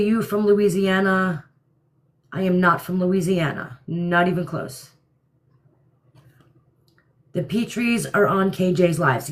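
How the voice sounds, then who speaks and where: A woman from New Jersey with a New York-area accent, hosting a casual livestream and answering viewer comments in a blunt, opinionated way. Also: medium pitch. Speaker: livestream host.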